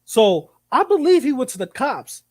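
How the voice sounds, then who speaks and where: A man co-hosting a live commentary stream, talking in an animated, profane and rambling way, often repeating himself. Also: very high voice, moderate pace, breathy edge, dry recording.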